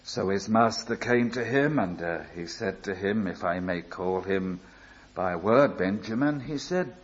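An older man preaching a sermon, telling a story slowly and building to emphatic appeals. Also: fairly low pitch, muffled recording. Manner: slow, deliberate storytelling with rising emphatic appeals.

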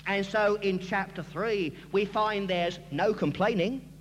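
A man's voice: sits high, unhurried, dull audio. A man preaching an expository sermon, with emphatic, rising and falling delivery in a large hall. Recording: long hall reverb with faint hum.

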